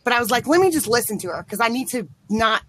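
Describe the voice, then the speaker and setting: A woman from Utah, a guest in a casual online video chat, talking in a relaxed, rambling way. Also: a little high, quick pace, a little hiss or hum.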